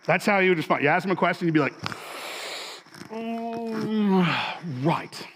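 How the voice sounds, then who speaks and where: A man's voice: high-pitched, racing, a bit bright, a little hiss or hum. A man in his forties, a pastor, giving a sermon in a loose conversational way with many fillers and restarts.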